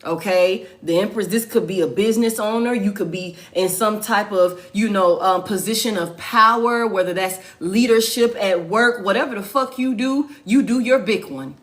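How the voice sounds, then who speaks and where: A woman's voice: mid-range voice, normal speed, few pauses. A woman giving a casual tarot reading, swearing freely and repeating her points for emphasis. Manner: profane, emphatic, repeats phrases. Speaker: tarot reader.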